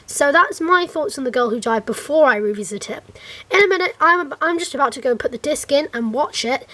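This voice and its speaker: High-voiced chatty woman. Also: brisk. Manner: animated, rambling, with many fillers and restarts. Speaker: fan reviewer. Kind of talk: casual chat to camera.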